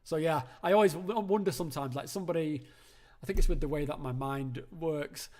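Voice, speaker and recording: A man's voice: on the high side, fairly quick, darkish tone. A man hosting a live call-in stream from home, chatting casually and rambling with lots of fillers and restarts. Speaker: host of a live call-in show.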